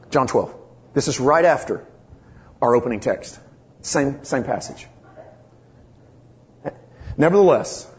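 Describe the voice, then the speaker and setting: A male pastor delivering an emphatic, impassioned sermon. His voice sits at an ordinary middle pitch and builds in force as he drives his points home. The recording is a little muffled and dull. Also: a little mellow.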